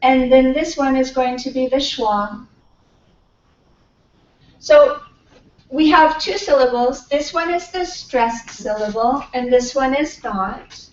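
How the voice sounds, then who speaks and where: A woman professor teaching pronunciation to a class, modelling sounds slowly and patiently. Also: high voice, expressive. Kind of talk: classroom lecture. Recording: far-off, echoey, dull classroom recording.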